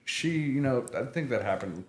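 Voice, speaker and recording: A man's voice: mid-range voice, lively intonation, normal speed. A man who is a guest on a podcast, chiming in casually and cursing easily. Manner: chiming in, profane, easygoing. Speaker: guest motorcycle rider. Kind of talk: casual chat. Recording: echoey room.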